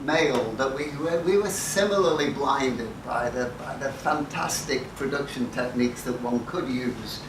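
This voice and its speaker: A man's voice: mid-range voice, a little slow, hardly any pauses. An older man giving a talk to an audience, telling wry, profane anecdotes from his career in a dry, self-mocking way. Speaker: conference speaker. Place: lecture hall with audience. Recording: echoey hall, mic at a distance, noisy.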